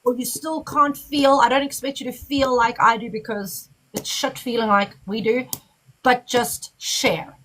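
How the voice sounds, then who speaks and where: A woman's voice: fairly high pitch, fairly even intonation, unhurried, a bit bright, a little hiss or hum, poor audio. A woman hosting a live chat, speaking bluntly and emotionally, with swearing.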